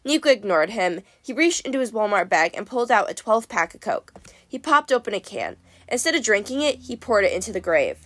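A woman narrating a first-person story in a wry, lively way. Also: mid-range voice, fairly quick, dry recording. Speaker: audiobook narrator.

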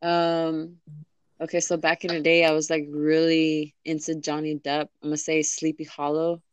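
A woman's voice: deep voice, monotone, normal speed, smooth. A young woman in casual chat, rambling with lots of fillers and restarts. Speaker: interviewee.

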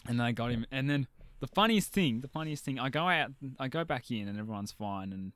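A man's voice: mid-range voice, lively intonation, fairly quick, fairly bright tone, a little hiss or hum. A young man with an Australian accent, telling a story in casual chat, rambling with fillers, restarts and swearing. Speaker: shop worker telling a story.

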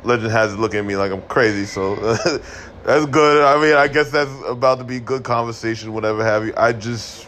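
A man's voice: mid-range voice, normal speed, a bit bright, a little hiss or hum. A young man hosting a podcast, ranting casually with lots of slang and swearing, laughing often. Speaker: podcast host. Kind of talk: casual opinion rant.

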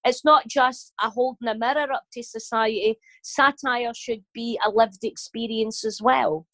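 A woman's voice: fairly high pitch, steady tone, unhurried, sharp tone, dry recording. A Glaswegian woman in her fifties, a comedian talking bluntly and cheekily in an interview, swearing freely. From Scotland. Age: 50s. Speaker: comedian and guest. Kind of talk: casual interview talk.

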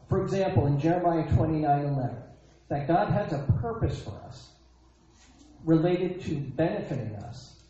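A man's voice: high voice, dark tone. A man preaching a sermon, emphatic, repeating his phrases and asking rhetorical questions. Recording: echoey dull lo-fi sound.

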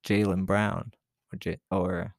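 A man's voice: lowish voice, sing-song, takes it slowly, vocal fry, no echo, clean studio sound. A man co-hosting a podcast in casual chat, playful and acting out the voices of people he quotes. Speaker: podcast co-host.

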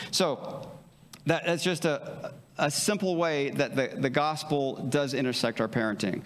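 Pastor guy preaching, mid-pitched, chatty and earnest, church reverb hanging on his words. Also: moderate pace. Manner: earnest, conversational, checks in with "okay?". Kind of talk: sermon. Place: church sanctuary.

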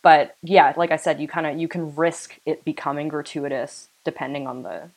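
Young woman w a low voice, podcast cohost, rambly casual chat, says like a lot. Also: fairly even intonation, normal speed, a little mellow, low-quality recording. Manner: chatty, filler-heavy, uses "like" a lot. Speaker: podcast co-host.

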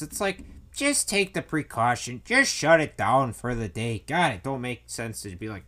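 A man's voice: medium pitch, animated, normal speed, a bit bright. A young man hosting a solo podcast, ranting in an exasperated way, swearing and mocking the people he quotes. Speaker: podcast host.

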